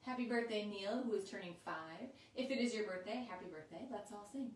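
A woman teaching a kindergarten class online, talking in a slow, sing-song, encouraging way. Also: mid-range voice, slight background noise. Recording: roomy, slightly distant mic with faint ambience.

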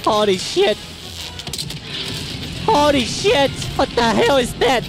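A man streaming a video game live, shouting excited curses and taunts at the enemies. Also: very high voice, slow pace, low-quality recording. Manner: loud excited cursing and taunting. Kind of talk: live gameplay commentary. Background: game music.

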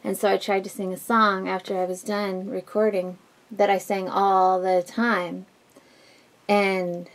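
A woman vlogger with a husky, smoky voice, chatting candidly at home while doing her makeup, rambling with many fillers and restarts. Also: mid-range voice. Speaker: beauty vlogger. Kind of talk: casual get-ready-with-me chat.

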